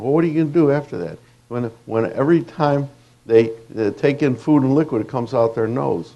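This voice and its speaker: A man's voice: mid-range voice, a little fast, warm tone. A man giving an anatomy lecture to dental students in a conversational, anecdotal way with fillers and restarts.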